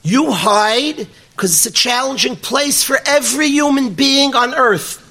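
A man's voice: very high-pitched, unhurried, pushed and bright, pitched above the performer's own voice, exaggerated voice. A man voicing a young male student who cries out to God, pleading in a raised, emotional voice. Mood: anguished.

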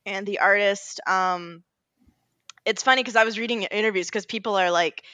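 A woman co-hosting a casual podcast, telling stories in an animated, rambling way, full of fillers and self-corrections. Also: mid-range voice, moderate pace, smooth, no room sound. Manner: animated storytelling, often laughing. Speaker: podcast co-host. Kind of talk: casual chat.

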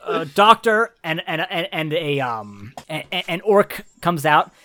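A man's voice: a little high, expressive, a little slow, pushed and bright. A young man narrating as game master in a tabletop game, rambling and laughing with frequent restarts.

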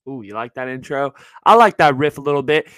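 A young adult man hosting his own podcast from his parents' house, chatting casually in an energetic, slangy way. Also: mid-range voice, fairly quick, clear, resonant tone, dry recording, poor audio. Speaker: podcast host. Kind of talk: casual chat.

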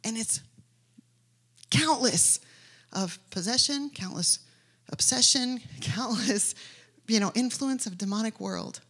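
A woman's voice: a little high, fairly bright tone, breathy edge. A woman preaching a sermon, telling stories animatedly and rising to emphatic declarations.

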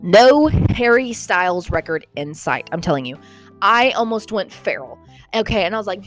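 Chatty young woman with a lively voice. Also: mid-range voice, brisk, faint music behind. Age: young adult. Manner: animated, rambling, lots of "okay?" and "like". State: slightly out of breath. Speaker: vlogger. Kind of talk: casual chatty vlog.

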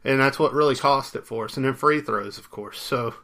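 A man co-hosting a sports podcast, with a bright and forceful tone. He talks in an animated, emphatic way, full of folksy asides. His pitch sits at an ordinary middle for a man. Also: fairly quick. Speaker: podcast co-host. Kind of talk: casual sports chat.

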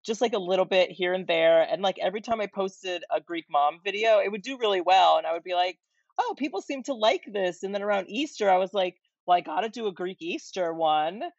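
A woman guest who makes comedy videos, talking in a relaxed, rambling way. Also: mid-range voice, brisk, no echo. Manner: relaxed, rambling, many fillers. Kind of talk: casual interview chat. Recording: dull dry remote audio.

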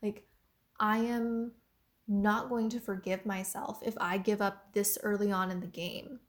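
A woman's voice: medium pitch, fairly even intonation, unhurried. A young woman giving a casual motivational talk about mindset and a creative career, talking in a chatty way full of "like" and "you know".

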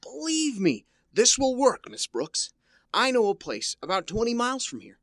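A man's voice: very high voice, wildly swooping pitch, normal speed, fairly bright tone, dry recording, studio quality, full character voice. An actor playing a shy, awkward male teacher in a 1950s radio comedy, hesitant and fumbling. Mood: bashful.

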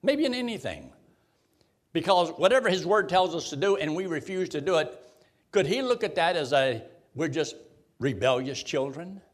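A man's voice: on the high side, lively intonation, moderate pace. A man teaching a Bible study, reading scripture aloud and putting questions to the group in a folksy way. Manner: folksy, reads King James verses aloud and quizzes the group.

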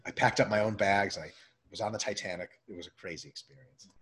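A man's voice: on the low side, fast talker, poor audio. A man from Russia, a podcast guest, talking bluntly and with plenty of swearing and filler words in a casual conversation. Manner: animated, blunt and profane, with lots of filler words.

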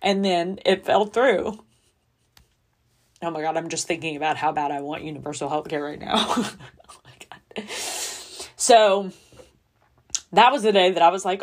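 Tearful woman podcaster, slightly low voice. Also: slow, long pauses. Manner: candid, emotional, near tears at times. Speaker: podcast host. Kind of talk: personal confessional podcast talk.

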